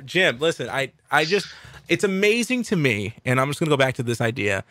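A man's voice: mid-range voice, lively intonation, a little fast, sharp tone, no echo. A man hosting a casual podcast interview, loose and jokey. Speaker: host.

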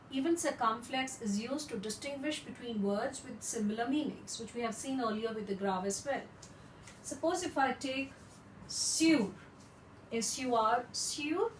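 A woman teaching French in a lesson, explaining slowly and repeating words for practice. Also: a little high, roomy sound, far from the mic, slight background noise, low-quality recording.

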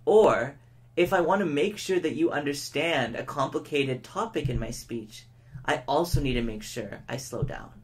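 A man's voice: a little high, lively intonation. Man teaching public speaking, demonstrative delivery. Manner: demonstrates his points by speeding up, slowing down and shifting tone. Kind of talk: educational lesson to camera.

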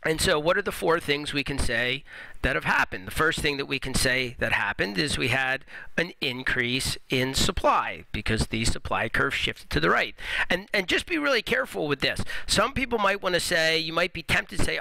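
A man teaching economics in a recorded lecture over graphs, stressing and repeating key points slowly. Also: fairly high pitch, expressive, gravelly, sharp tone, poor audio.

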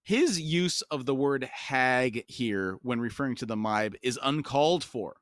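A man's voice: medium pitch, lively intonation, unhurried, a bit bright, no echo. Guy co-hosting a book podcast, earnest and thoughtful, totally dry audio. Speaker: podcast co-host. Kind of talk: casual book discussion.

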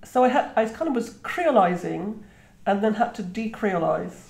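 In an echoey room, a guest author in her fifties, originally from Trinidad and speaking British English, talks reflectively in a conversational interview, restarting often and using "you know" a lot. Her mid-range voice is gravelly and darkish, with lively intonation at a moderate pace.

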